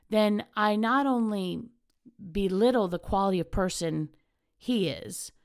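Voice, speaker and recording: A middle-aged woman hosts a podcast, giving a casual motivational monologue as a chatty, candid storyteller who pokes fun at herself. Her medium-pitched voice is creaky with a darkish tone, in a dry, clean studio recording.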